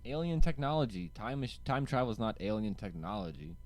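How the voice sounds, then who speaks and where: A man's voice: mid-range voice, lively intonation, a little fast, vocal fry. A young man co-hosting a podcast in casual, joking chat, laughing often and swearing freely. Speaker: podcast co-host.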